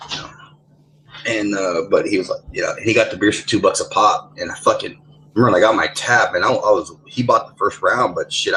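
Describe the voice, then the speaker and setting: Young man, lowish voice, rambling foul-mouthed storyteller on a headset. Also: bright, forceful tone, a little hiss or hum, low-quality recording. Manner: rambling, profane, many restarts. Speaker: gamer in voice chat. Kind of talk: casual chat. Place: home, online voice chat.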